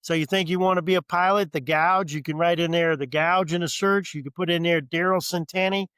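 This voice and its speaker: A man's voice: a little high, steady tone, a little fast, fairly bright tone, clean tone, no room sound. A middle-aged man with a New Orleans accent, a podcast guest chatting casually and telling stories with easy humor. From New Orleans, Louisiana. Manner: easygoing storyteller, joking. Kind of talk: casual chat.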